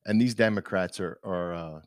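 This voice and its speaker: A man's voice: sits low, normal speed, no room sound, studio quality. A man co-hosting a casual podcast, ranting emphatically with frequent restarts. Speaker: podcast co-host. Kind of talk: casual opinion chat.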